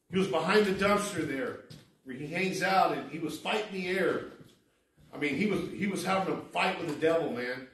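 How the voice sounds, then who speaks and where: A man preaching a sermon as pastor, building to emphatic lines and dropping to a hushed tone. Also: a little high. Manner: preaching with rising emphasis, then softening to a hushed tone. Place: church sanctuary. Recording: echoey hall from far off.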